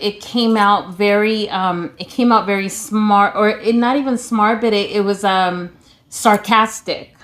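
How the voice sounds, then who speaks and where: A woman in her forties, a pastor's wife, talking casually with her husband, rambling with many restarts and repeated words. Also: medium pitch. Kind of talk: casual chat.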